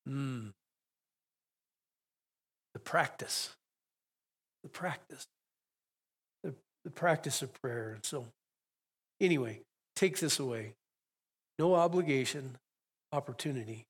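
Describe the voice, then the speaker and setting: A man's voice: a little high, measured pace, pauses often. An older man preaching a sermon in an earnest, reflective way, drawing out words for emphasis. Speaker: pastor.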